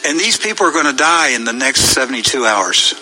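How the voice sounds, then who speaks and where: A man's voice: medium pitch, sing-song, fairly quick, background noise. A man hosting a talk show, commenting emphatically on news clips and rising into pleading, preachy outbursts. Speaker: show host.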